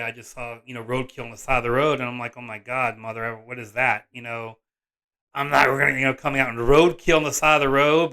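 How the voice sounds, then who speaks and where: Excitable rambling man telling a story. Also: mid-range voice, clean tone. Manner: excitable, rambling, frequent restarts and self-corrections. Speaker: vlog host and father. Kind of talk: animated personal storytelling to camera.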